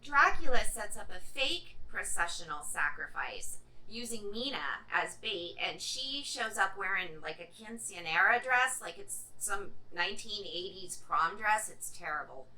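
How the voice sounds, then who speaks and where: A woman's voice: mid-range voice, expressive, a little slow, hardly any pauses, sharp tone, distant mic, poor audio. A woman reviewing a movie in a casual vlog, sarcastic and irreverent, swearing freely.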